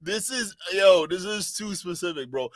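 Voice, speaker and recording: A man's voice: high voice, lively intonation, normal speed, no room sound. A man hosting a reaction stream, laughing often and talking in slangy disbelief to his chat. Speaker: host reacting to a clip. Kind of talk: casual reaction stream talk.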